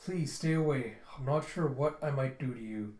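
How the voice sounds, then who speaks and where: A man voicing a gentle, devoted young male dragon warrior, speaking formally and earnestly. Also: mid-range voice, moderate pace, reverberant, close to an everyday voice.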